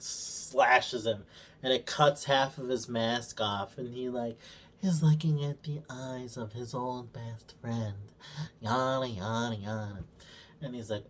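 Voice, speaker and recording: A man co-hosting a review show, recapping episodes in a casual, sarcastic way, swearing constantly and mockingly acting out the characters' lines. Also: medium pitch. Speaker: show co-host reviewing a TV series.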